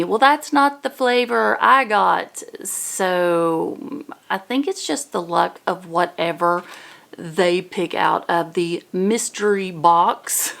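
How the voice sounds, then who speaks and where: A woman with a Southern US accent in a casual unboxing vlog, chatting and reading product labels aloud. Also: on the low side. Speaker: unboxing vlogger.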